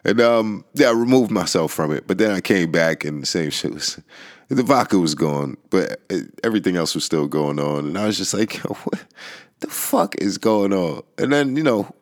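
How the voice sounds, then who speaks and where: A man's voice: deep voice, expressive, brisk. A young man hosts a casual solo talk. He rambles and restarts often, laughs between thoughts, and swears freely. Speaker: podcast host. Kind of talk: casual monologue.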